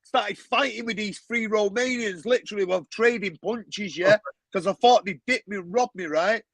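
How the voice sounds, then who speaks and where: A man, a podcast guest telling animated stories, swearing often and acting out other people's voices. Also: high-pitched, moderate pace, no echo, rough recording. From Manchester, England. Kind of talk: casual storytelling.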